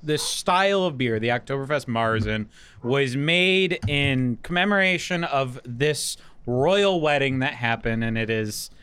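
A man's voice: mid-range voice, animated, a little slow, a bit bright, smooth. A man co-hosting a casual podcast chat, joking and swearing as he talks. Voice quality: joking, profane. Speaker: podcast co-host.

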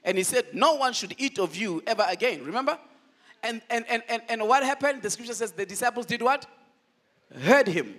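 This male pastor's voice is extremely high, and he speaks a little fast during his sermon. He peppers the congregation with call-and-response questions, animatedly shifting from loud declaring to quiet asides.

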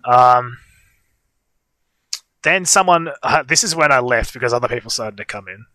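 A young man co-hosts a livestream, telling a long, meandering story in casual chat with plenty of fillers. His voice has a bright edge, and the recording is dry and close. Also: mid-range voice, animated, moderate pace, no room sound. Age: young adult. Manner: rambling storytelling with frequent fillers. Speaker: livestream co-host.

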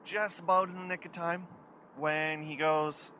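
A chatty man hosts his own show and spins a casual yarn about his own misadventures. His voice is bright and forward, and a faint hiss sits under it. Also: fairly high pitch, flat delivery, a little slow, low-quality recording. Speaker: podcast host. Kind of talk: casual storytelling.

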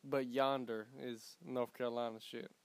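A young man from Alabama hosting his podcast, rambling in a profane, comedic monologue with loud bursts. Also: medium pitch, level tone, moderate pace, smooth, no echo. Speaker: podcast host.

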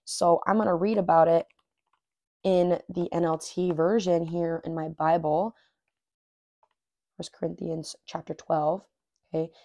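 A woman's voice: lowish voice, steady tone, unhurried, pauses often, dark tone, no echo. A woman hosting a casual faith podcast, reading Bible verses aloud and commenting in an earnest, informal way. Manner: earnest and informal, says "dude" and "like"; reads scripture aloud and repeats verses. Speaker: podcast host.

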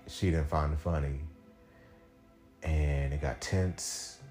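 A man's voice: fairly even intonation, slow pace, a little mellow, faint music behind. A young man hosting a podcast, telling a rambling, profane story in a casual monologue, full of fillers and quoted voices. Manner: rambling, profane, fillers, acts out quotes with big pitch jumps. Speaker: podcast host.

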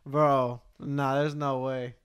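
A man's voice: mid-range voice, level tone, slow pace, clear, resonant tone. A young man co-hosting a podcast, bluntly and casually speaking with lots of slang. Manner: blunt, slangy, says bro a lot. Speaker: podcast co-host. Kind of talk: casual chat.

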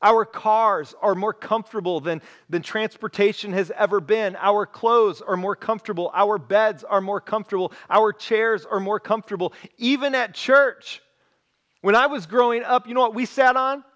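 Animated high-voiced male preacher. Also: normal speed. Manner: animated storytelling, acts out quoted voices. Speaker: pastor. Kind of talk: sermon.

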